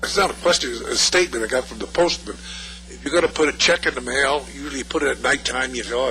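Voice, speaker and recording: A man in the audience telling a quick story from the floor at a community meeting. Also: medium pitch, sharp tone, slight background noise, rough recording. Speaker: audience member.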